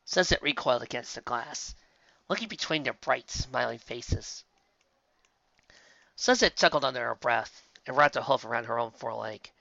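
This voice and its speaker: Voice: medium pitch, moderate pace, creaky, sharp tone, dry recording. An audiobook reader expressively reading fan fiction aloud, with occasional slips, on a slightly dull, dry recording.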